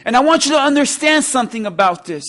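A man's voice: very high voice, lively intonation, fast talker, a bit bright. A man preaching a sermon. He speaks straight to his listeners and builds emphasis through repeated phrases. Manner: addresses listeners directly.

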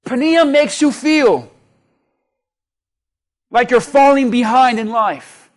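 A man preaching a sermon as a pastor, in a very high voice. He takes his time with each phrase, delivering it with a slow, deliberate pace. His delivery is lively and humorous, and he often calls out to the congregation.

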